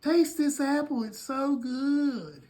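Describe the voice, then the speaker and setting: A man in falsetto as an eager young woman. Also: slow pace, a little mellow. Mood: cajoling. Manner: high falsetto, cajoling.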